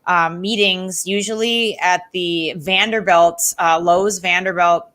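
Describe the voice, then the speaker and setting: A woman in her forties chatting as a show guest, her voice bright and clear. She tells her stories in a lively, casual way and slips into other voices when she quotes people. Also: fairly low pitch, takes it slowly. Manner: animated, acts out quotes with shifting voices. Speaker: podcast guest, former wrestling interviewer. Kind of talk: casual storytelling chat.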